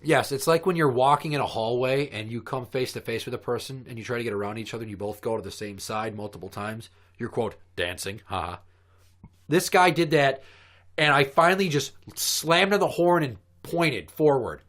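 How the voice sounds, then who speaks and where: Male podcast co-host, mid-pitched, profane and heated storyteller. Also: fairly bright tone. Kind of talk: casual podcast chat.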